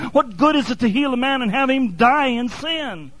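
A man's voice: extremely high pitch, normal speed, few pauses, no echo, low-quality recording. A man preaching a sermon, impassioned and building to fervent repetition.

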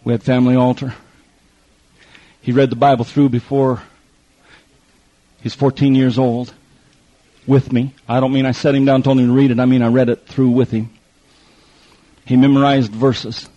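On a muffled lo-fi recording, a middle-aged man preaches folksy testimony, acting out the people in his stories with quoted voices and repetition. His dark mid-range voice stays level at normal speed, and he pauses often.

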